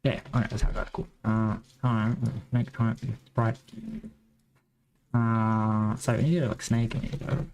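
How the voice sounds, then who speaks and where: A man's voice: on the low side, flat delivery, measured pace, darkish tone, faint music behind, rough recording. A man with a Western Australian accent who rambles and thinks aloud while coding on a live stream. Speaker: game developer streamer.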